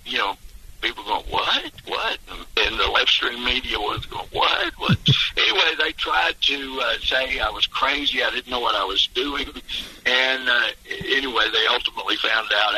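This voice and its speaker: A man's voice: mid-range voice, pushed and bright, slight background noise, poor audio. A man phoning in as a congressman guest on a radio interview, telling emphatic stories with chuckles.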